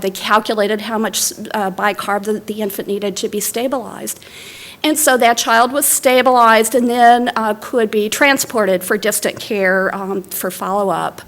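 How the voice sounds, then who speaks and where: A woman's voice: on the high side, fairly bright tone. A middle-aged woman giving a lecture as a library director, telling stories in a conversational way with fillers and restarts. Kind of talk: academic lecture with personal stories. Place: lecture hall.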